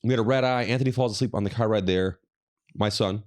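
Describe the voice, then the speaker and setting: A man's voice: fairly low pitch, quick pace. A man co-hosting a podcast, telling a rambling, profane story in casual chat. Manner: profane, rambling, quoting others. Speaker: podcast co-host.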